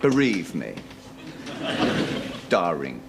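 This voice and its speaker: An English actor playing a charming, evasive middle-aged husband in a 1970s studio sitcom, glib and wheedling. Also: male voice, low voice, huge pitch swings, extremely slow, gravelly, very noisy, heavily acted. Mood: coaxing. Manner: glib and wheedling, coaxing with endearments. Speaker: wealthy husband.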